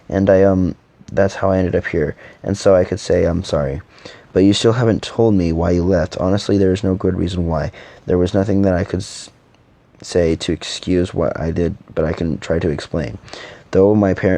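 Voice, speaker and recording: Deep-voiced man reading a story. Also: dark tone, dry recording. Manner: halting delivery with frequent stumbles and restarts. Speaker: narrator voicing every character. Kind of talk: amateur reading of a fantasy story.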